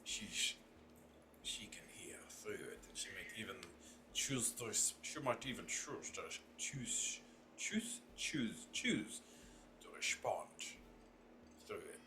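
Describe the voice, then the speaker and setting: Slow low-voiced guy running a tabletop game, lots of uhs, soft music under. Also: animated, noisy background. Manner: halting, many fillers and restarts. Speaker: game master.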